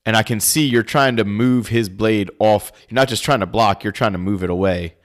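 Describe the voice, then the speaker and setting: A man with a very low voice talks through fight footage in a loose, conversational way. He circles back on his words as he thinks, and drops in casual swearing. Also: normal speed. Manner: relaxed, thinking aloud with many restarts. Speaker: podcast co-host. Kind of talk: casual video commentary chat.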